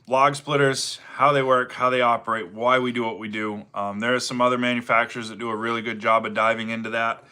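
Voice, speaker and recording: A middle-aged man from Maine, his accent showing through, chats easily on a livestream with a bright, forceful tone. He greets viewers by name and rambles along with lots of ums and uhs. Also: mid-range voice. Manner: easygoing, greets viewers by name, many fillers. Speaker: livestream host, firewood seller. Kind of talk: casual livestream chat reading viewer comments.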